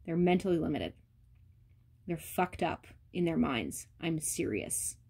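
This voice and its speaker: A woman's voice: low-pitched, big pitch swings, unhurried, gravelly, a little mellow, slightly rough. A woman vlogger ranting bluntly and profanely, talking straight to her viewers. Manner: addresses viewers directly. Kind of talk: casual rant to camera.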